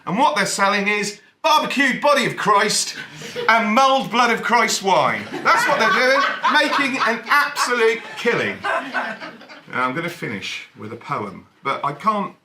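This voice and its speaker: Animated man doing stand-up. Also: sits high, a little slow, heavy background noise. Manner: wry, deadpan delivery with sudden animated outbursts. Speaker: stand-up comedian. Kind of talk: stand-up comedy set. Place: cabaret bar venue, echoey room. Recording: echoey room, faint ambience.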